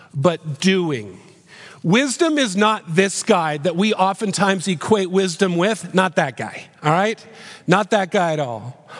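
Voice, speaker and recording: A man's voice: sits high, fairly bright tone, in a large hall. A man in his fifties preaching a sermon as pastor, earnest and emphatic, driving points home with repeated rhetorical questions.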